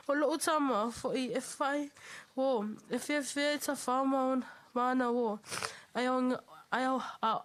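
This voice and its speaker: A high-pitched young woman speaks at a family funeral service in a chapel. She is emotional and close to tears as she delivers her eulogy, and she stumbles and restarts her words. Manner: halting, stumbling over words. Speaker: eldest daughter giving a eulogy.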